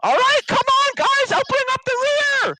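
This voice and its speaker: A man voicing a frantic male spellcaster who shouts orders to his party in a squeaky high voice. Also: big pitch swings, normal speed, dry recording, exaggerated voice. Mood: urgent.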